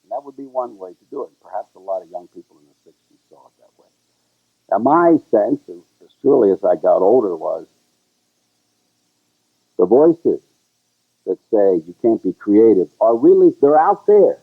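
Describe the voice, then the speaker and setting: A man co-hosting a casual chat, telling a story with lively sung bits. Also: normal speed, slightly rough. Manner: animated storyteller who sings high "la la" bits. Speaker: show co-host. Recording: tinny, phone-like, lo-fi sound.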